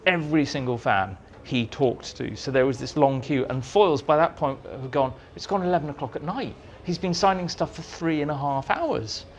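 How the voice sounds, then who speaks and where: A man telling lively anecdotes as an interview guest, acting out the dialogue in his stories, in a meeting room with an audience. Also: a little high, normal speed, hardly any pauses, slight background noise. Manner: animated storyteller, acts out dialogue. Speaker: interviewee, writer.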